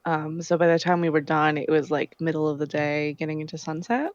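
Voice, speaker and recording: A woman's voice: sits low, brisk, no echo, dull audio. A woman playing a tabletop game in casual chat, talking in a hesitant, apologetic way. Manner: hesitant, apologetic, with light laughs.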